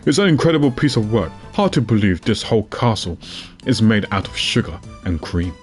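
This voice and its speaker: A man voicing a composed, precise male prosecutor in a game, with a measured, dry delivery. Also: fairly low pitch, very animated, faint music behind.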